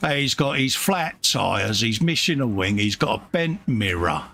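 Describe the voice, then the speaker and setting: A British man hosting a casual live chat, his voice lively and rising and falling a lot, with a gravelly edge. He talks in an easygoing way and keeps calling people mate. Faint noise hums behind him. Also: medium pitch, a little slow. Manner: chatty, calls people mate. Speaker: host of live modelling stream.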